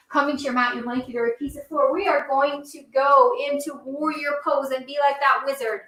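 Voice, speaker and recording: Bright, encouraging woman leading kids' yoga. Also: sits high, steady tone, a little fast, few pauses, reverberant, recorded from a distance. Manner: upbeat, encouraging, sing-song. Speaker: kids' yoga teacher and storyteller. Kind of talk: children's story time with yoga instruction.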